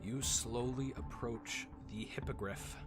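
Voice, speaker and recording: A man running a tabletop game as dungeon master, narrating haltingly with many fillers. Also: medium pitch, fairly even intonation. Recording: music playing behind.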